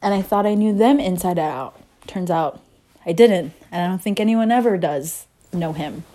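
A woman's voice: fairly low pitch, normal speed, mellow. A woman in her twenties talking candidly in a casual personal vlog, rambling and swearing freely as she moves between rooms. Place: moving between rooms at home.

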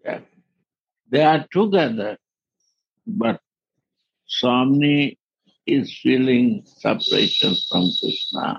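A man giving a devotional discourse as a spiritual teacher, in halting non-native English and laughing often. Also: medium pitch, animated, gravelly, slightly rough, dry recording, lo-fi sound.

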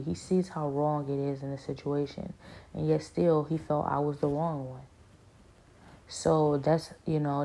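A woman speaks in a low, flat, gravelly voice with a dark, mellow tone. She tells a personal spiritual story earnestly, stopping and restarting her sentences and leaning on fillers as she thinks aloud. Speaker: speaker sharing a spiritual experience. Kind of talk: personal testimony, casual monologue.

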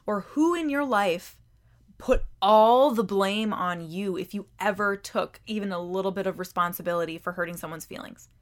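A woman's voice: mid-range voice, normal speed. A woman hosting a self-help podcast, talking conversationally with emphatic rhetorical questions and frequent repeated words. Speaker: podcast host.

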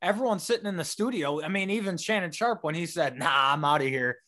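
A man's voice: on the high side, brisk, sharp tone. A man co-hosting a casual sports talk show, often restarting his sentences as he thinks aloud. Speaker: podcast co-host.

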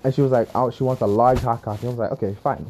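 A young man telling a casual, exasperated story about his week, often laughing, with lively swings in his voice. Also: medium pitch, rapid-fire, slight background noise. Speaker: vlogger.

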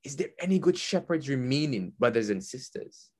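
Male preacher, mid-pitched, animated sermon delivery with frequent repetition. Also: normal speed. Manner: animated, rising and falling emphasis, repeats and restarts.

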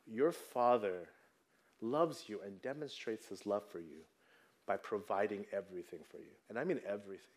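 A man's voice: fairly low pitch, a little mellow. A man in his thirties preaching a sermon in a conversational way, often checking in with the congregation. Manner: conversational, tags lines with "right?". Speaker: pastor.

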